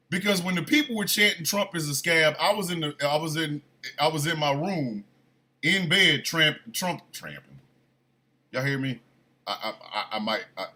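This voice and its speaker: A man hosting a morning show, telling a comic story in a casual, animated way with loud bursts of disbelief. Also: sits high.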